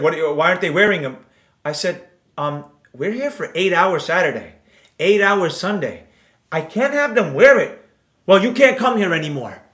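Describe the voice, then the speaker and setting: A man's voice: a little high, fairly bright tone, roomy sound. Impassioned man preaching about trading. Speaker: trading educator. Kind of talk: livestream rant to viewers.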